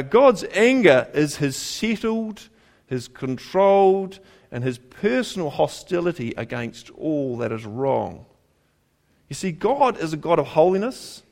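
Kiwi male preacher, slightly higher voice, very animated pitch, chatty sermon with rhetorical questions and repeated lines. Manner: conversational, with rhetorical questions to the congregation; emphatic repetition of key phrases.

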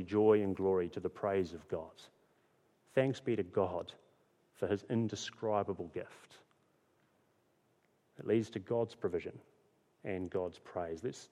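A man's voice: low-pitched, mellow. A man preaching a sermon as pastor, earnest and repeating key phrases for emphasis. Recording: long hall reverb.

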